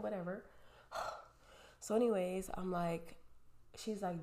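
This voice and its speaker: A woman with a low, heavy voice tells a storytime straight to her viewers. She is animated and profane throughout. Her voice bounces around a roomy space. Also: a little slow, gravelly. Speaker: vlogger. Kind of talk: storytime rant. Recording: roomy echo.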